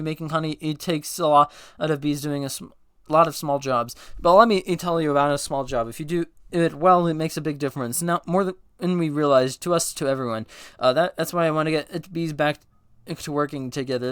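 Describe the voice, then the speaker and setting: A man racing through a whole movie script aloud, reading every part himself, stumbling over words and correcting himself in a deadpan way. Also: fairly high pitch, clean tone, dry recording, clean studio sound. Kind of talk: rapid comedic script read-through, all parts.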